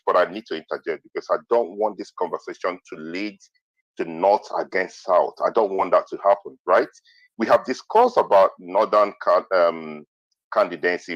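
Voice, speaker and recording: A man moderating a heated online debate, repeatedly stepping in and pleading with the speakers to calm down. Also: deep voice, no echo. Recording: dull lo-fi online audio.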